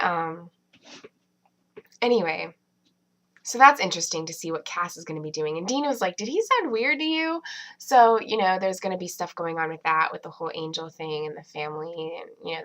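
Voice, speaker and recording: A woman talks through a TV episode at home in an easygoing, meandering way, filling pauses with fillers and circling back on herself. Her voice sits a little low for a woman, yet it comes across bright and forceful. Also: poor audio. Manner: chatty, many fillers and restarts. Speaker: TV episode reviewer. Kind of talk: casual rambling review.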